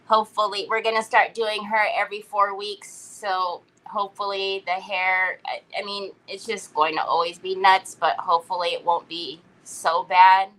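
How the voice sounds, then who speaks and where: A woman's voice: mid-range voice, flat delivery, moderate pace, few pauses, a bit bright, poor audio. A middle-aged woman hosting a craft livestream, chatting casually from a parked car and telling a story while greeting viewers by name.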